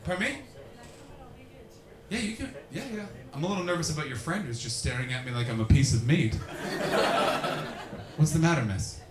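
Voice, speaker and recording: A man from Canada doing crowd-work stand-up comedy, animated and swearing freely as he acts out voices. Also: fairly high pitch, moderate pace, long pauses. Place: comedy venue with a live audience. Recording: echoey room with faint ambience.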